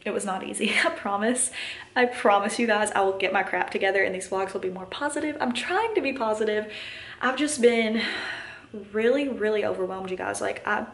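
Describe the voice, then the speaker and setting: A woman's voice: mid-range voice, brisk, reverberant. A young woman vlogging as a mom at home, chatty and candid, a bit tired, laughing often, talking to the camera. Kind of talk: casual vlog chat to camera. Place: home, indoors. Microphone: camera mic.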